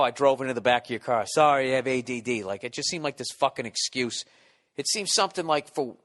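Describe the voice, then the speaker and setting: A man in his forties, a comedy podcast host, rambling through a profane, animated story into a studio mic. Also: medium pitch. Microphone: studio mic with windscreen.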